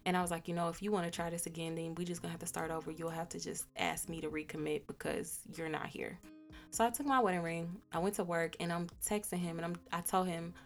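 A woman's voice: fairly low pitch, steady tone, quick pace, creaky, soft background music. A young woman hosting a podcast, candidly retelling a personal story with profanity and acted-out dialogue. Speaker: podcast host.

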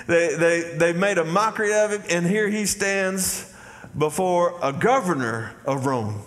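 A pastor preaches in a fairly high voice, folksy and direct with his congregation. His words ring out with a long hall reverb behind them. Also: a little slow, a bit bright. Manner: folksy preaching, calls out "y'all" and "Amen?" to the congregation. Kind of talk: sermon.

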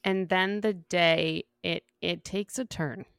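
A woman co-hosting a podcast, recapping a book in an easygoing way, with quick acted-out quotes. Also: on the low side, fairly even intonation, fairly bright tone, clean tone, dry recording, studio quality. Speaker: podcast co-host.

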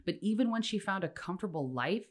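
A woman's voice: mid-range voice, fast talker. An American woman co-hosting a podcast, telling a true-crime story in casual, laughing chat. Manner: laughs often, lively storyteller. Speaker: podcast co-host.

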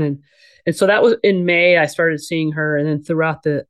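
A woman's voice: low voice, steady tone, moderate pace. A middle-aged woman speaking as an interview guest, telling her own story in plain, candid talk. Her delivery is blunt and casual. She leans on fillers and restarts her sentences often.

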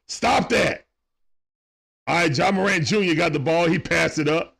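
Guy calling a game on his phone stream, slangy, voice jumps all over, kinda high. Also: moderate pace, gravelly, husky. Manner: lively, slangy, greets viewers by name. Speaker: live stream commentator. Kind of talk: casual play-by-play watch-along stream.

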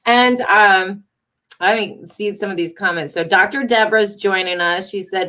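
A woman's voice: mid-range voice, normal speed, bright, forceful tone. Chatty woman hosting a live stream. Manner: chatty, laughs often. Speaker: host of a live stream show. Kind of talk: casual live-stream chat reading comments.

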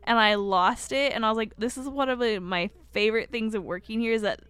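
A woman's voice: a little high, a little fast, fairly bright tone, smooth, dry recording. A young woman co-hosting a podcast in casual chat, rambling through stories and saying "like" often. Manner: rambling storyteller, heavy use of "like". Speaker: podcast co-host.

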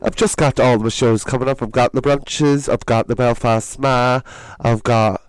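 Northern Irish male guest, smooth and giggly, dry close mic. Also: medium pitch, fairly even intonation, dry recording, low-quality recording. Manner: giggly, quick to laugh. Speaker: podcast guest, drag performer. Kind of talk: casual comedy chat.

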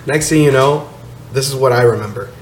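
A man tells a story at a podcast table in a laid-back, profane way, laughing now and then. His voice sits at an ordinary pitch. The room is echoey, with a faint hiss under it. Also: a little fast. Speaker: podcast guest telling a story. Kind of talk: casual storytelling chat. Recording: echoey room, slight noise.

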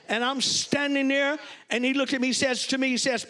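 A pastor preaching a sermon, telling a story with loud, animated exclamations. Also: male voice, extremely high pitch, fairly quick.

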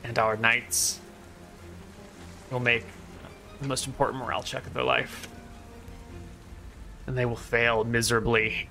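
A man's voice: medium pitch, pushed and bright. A man narrating as game master in a tabletop role-playing game. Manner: measured, descriptive narration.

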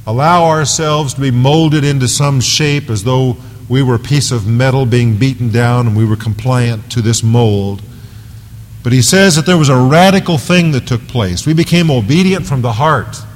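A man's voice: mid-range voice, moderate pace. A male pastor preaching an earnest, emphatic expository sermon in a church. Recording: long reverb of a large hall.

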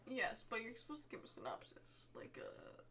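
A woman's voice: a little high, huge pitch swings, normal speed, pushed and bright, a little hiss or hum. A woman co-hosting a casual chat, cutting in with teasing objections.

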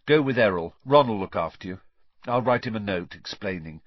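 Man playing a defiant teen boy, cold, grim, husky voice. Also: on the low side, animated, a little fast, no echo, muffled recording. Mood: gloomy. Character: defiant teenage boy, cool and wary.

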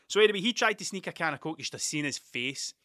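A slightly high, animated male voice moves at a quick pace and sounds pushed and bright. It's a Scottish vlogger in his thirties, rambling through stories in a casual way, swearing often and interrupting himself as he digresses. There's no echo, and the quality is studio level.

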